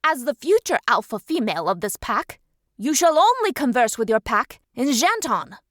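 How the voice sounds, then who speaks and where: A woman narrator voicing a cruel, domineering male pack alpha with a forceful, threatening delivery. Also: fairly high pitch, sing-song, normal speed, no echo, studio quality. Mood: commanding.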